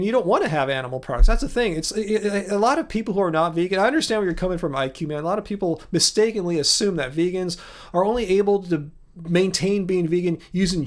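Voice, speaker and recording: A man in his forties hosting a casual livestream, earnestly questioning viewers in chat with many restarts. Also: high-pitched. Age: 40s. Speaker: livestream host answering chat. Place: home studio.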